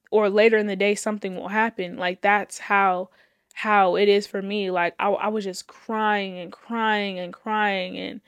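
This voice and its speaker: A woman's voice: medium pitch, dry recording, clean studio sound. A woman telling her personal faith testimony with fervor, repeating phrases, laughing between lines and holding back tears. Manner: casual, addresses listeners as y'all.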